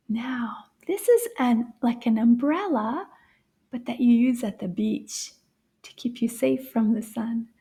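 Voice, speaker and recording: A woman teaching French to young children in a playful way. She gasps in wonder, whispers her asides and draws words out slowly for the children to repeat. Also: fairly high pitch, mellow, breathy edge. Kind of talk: slow, playful kids' lesson.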